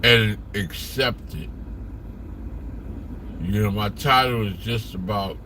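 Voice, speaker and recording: A low-voiced man muses aloud in loose, profane casual commentary as a co-host. Clear background noise runs under his talk. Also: slow pace, pushed and bright.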